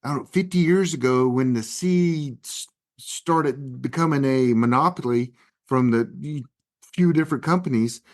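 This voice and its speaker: A man's voice: mid-range voice, unhurried. A man hosting an interview, talking in a conversational way with hesitant fillers. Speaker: podcast host. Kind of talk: casual interview talk.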